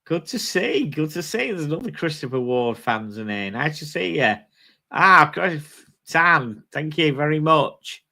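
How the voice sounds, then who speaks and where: A man's voice: medium pitch, vocal fry, pushed and bright. A British man hosting a live stream, chatting casually with viewers in a blunt, sweary way. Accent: British English. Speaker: livestream host. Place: home streaming setup.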